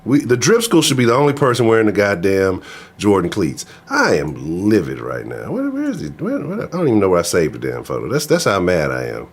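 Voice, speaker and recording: A man hosting a live sports talk stream, ranting in an animated, profane, casual way. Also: fairly low pitch, brisk, breathy edge. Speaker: sports talk show host.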